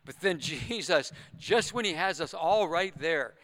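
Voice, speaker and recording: A man's voice: on the high side, animated, measured pace, a bit bright. A man preaching a sermon as a pastor, retelling a parable earnestly with conversational asides to his listeners.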